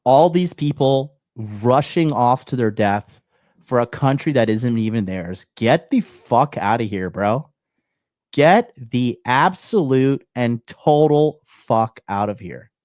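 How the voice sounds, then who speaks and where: A man's voice: medium pitch, expressive, takes it slowly, a little mellow, no room sound, studio quality. A young man hosting a live call-in show, giving blunt, profane commentary on a clip. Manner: blunt and profane, loose and swaggering.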